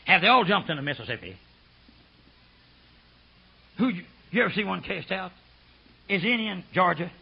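An older preacher with a husky, somewhat high voice delivers a fervent, rambling sermon. He drops to low murmurs and then climbs into shouted high bursts. The recording sounds dull and lo-fi. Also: lively intonation, moderate pace, pauses often. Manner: rambling, folksy storytelling.

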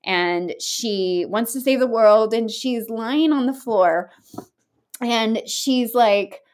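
A woman's voice: on the high side, slow pace. A woman speaking as a guest in a candid interview, telling a story earnestly and in a rambling way, full of restarts and filler words, and swearing casually. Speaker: podcast guest.

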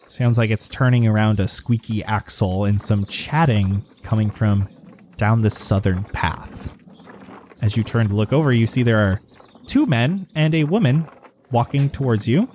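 A man's voice: fairly low pitch, darkish tone, a little hiss or hum. A man narrating a tabletop game as game master, describing scenes loosely with lots of fillers.

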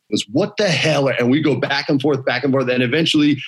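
Husky man telling lively stories. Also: quick pace, few pauses. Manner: animated storyteller, drops low for quoted voices, laughs often. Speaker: podcast guest, actor and former wrestling writer. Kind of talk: casual storytelling.

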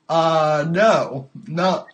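A man hosts a casual livestream call-in show, speaking slowly and unhurriedly. He stammers often and repeats words as he goes. His voice sits a little above the usual male pitch. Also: fairly bright tone, a little hiss or hum. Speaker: podcast host.

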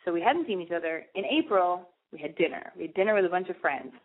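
A woman's voice: on the low side, fast. Radio host, young woman, rambling, profane, self-mocking confessional monologue over a thin phone-like line. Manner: rambling, self-deprecating, profane, animated when acting out her own past thoughts. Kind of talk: candid personal monologue. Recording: tinny phone-like radio audio.

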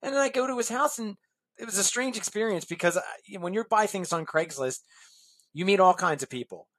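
Animated storytelling man, dry close sound. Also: brisk, dry recording. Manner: animated anecdotes, acts out quoted dialogue with pitch jumps. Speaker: guest, musician and designer. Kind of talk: storytelling in a podcast interview.

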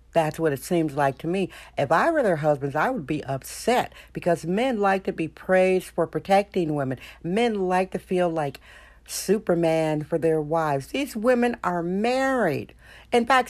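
A woman's voice: on the low side, animated, unhurried. Opinionated woman podcast host. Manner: opinionated, emphatic rhetorical questions. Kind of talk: solo podcast monologue.

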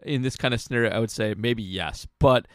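A man co-hosting a sports podcast, analyzing football in a casual, halting way with frequent restarts. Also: medium pitch, no echo, clean studio sound.

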